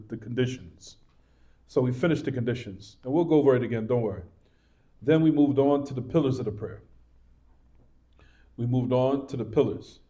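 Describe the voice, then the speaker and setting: A man's voice: medium pitch, dark tone. Man teaching a mosque class. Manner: repetitive, reassuring, asks rhetorical questions. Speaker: Islamic teacher. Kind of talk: religious class lecture.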